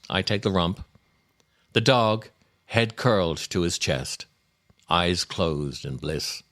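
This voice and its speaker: Man, podcast host, reads his own essays, lowish voice, lively swooping delivery, wry, unhurried. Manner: wry, dry humor.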